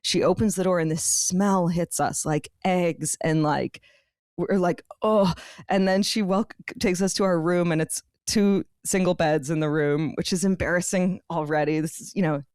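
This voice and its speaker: A woman co-hosting a podcast, telling a comedic story in casual chat, animated and acting out the voices of the people in it. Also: fairly low pitch, moderate pace, dry recording, studio quality. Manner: animated, acts out quoted voices, laughs mid-story. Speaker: podcast co-host.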